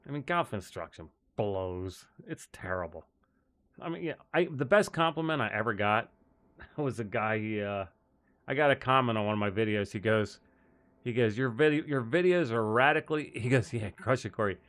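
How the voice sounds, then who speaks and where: A man with a medium-pitched, slightly bright voice hosts a live golf stream at a normal speed. It's casual chat, and he tells rambling stories full of restarts and frequent laughter.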